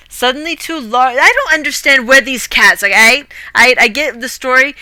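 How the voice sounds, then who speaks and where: A woman's voice: high voice, moderate pace, hardly any pauses, pushed and bright, no echo. A woman streamer reading a grim fairy tale aloud, often breaking off to swear and rant about it. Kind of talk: casual story reading with commentary.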